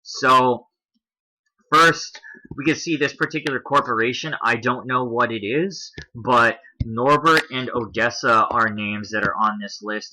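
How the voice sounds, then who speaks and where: A man's voice: mid-range voice, bright, forceful tone, low-quality recording. A man hosting his own channel, talking casually through a screen-shared chart and thinking aloud as he goes. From Canada. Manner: conversational, thinking aloud while browsing a chart. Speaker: political commentary channel host. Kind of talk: screen-share explainer commentary.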